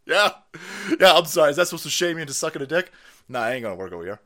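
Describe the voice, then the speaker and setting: Male stream host, crude mocking rant, lively pitch swings, slightly higher voice. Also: racing, gravelly. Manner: profane, mocking, swings between shouting and muttering, laughs often. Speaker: livestream host. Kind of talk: ranting live commentary.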